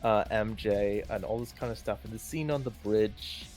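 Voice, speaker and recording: A man's voice: on the low side, normal speed, darkish tone, faint music behind. A man chatting casually and rambling as he ranks films, with many restarts and fillers. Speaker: co-host ranking films. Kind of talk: casual opinionated chat.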